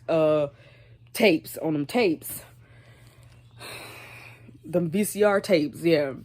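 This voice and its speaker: A young adult woman telling a casual, animated storytime, laughing as she goes. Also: deep voice. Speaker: vlogger.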